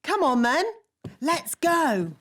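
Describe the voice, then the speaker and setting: A woman's voice: high-pitched, sing-song, takes it slowly, noisy background, heavily acted. A woman voicing a bossy, fussy fairy nanny in a children's cartoon, talking in a chatty, matter-of-fact way. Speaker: nanny to the princesses.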